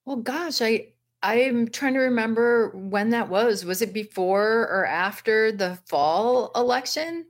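A woman's voice: on the high side, slow, hardly any pauses. A woman guest in a talk interview, earnestly explaining her organization's work. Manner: earnest, explanatory, uses fillers. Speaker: guest, education advocate. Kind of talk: interview answer.

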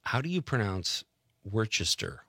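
Male talk radio host, casual storyteller, bright tone, close dry mic. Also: on the low side, expressive, moderate pace, no room sound. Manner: chatty, laughs easily, tells anecdotes. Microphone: studio microphone.

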